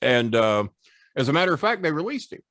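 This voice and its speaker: A man's voice: fairly high pitch, brisk, no room sound. Profane old storyteller man, dry close sound. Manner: animated storyteller, profane, doing voices. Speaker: guest, former wrestling manager. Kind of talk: podcast storytelling.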